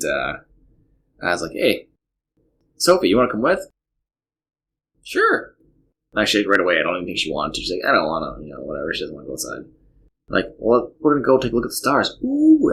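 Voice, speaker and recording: A man's voice: low voice, pushed and bright, husky. A man in his thirties, a podcast host telling a casual story in a rambling way, full of "you know" asides.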